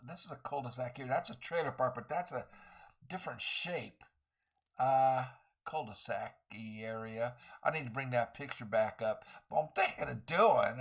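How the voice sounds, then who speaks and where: A man's voice: medium pitch, vocal fry. Rambling man narrating his gameplay. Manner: thinks aloud, rambling, easily irritated. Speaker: let's play host. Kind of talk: casual gameplay commentary. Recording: game sounds in the background.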